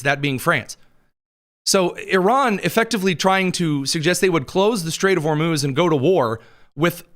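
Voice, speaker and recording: Hosting a news show into a studio mic, this slightly high-voiced man has a fairly bright tone. He reads the headlines with wry, sarcastic asides, chuckling at his own jokes while his throat sounds a little dry, all in the style of sarcastic political commentary.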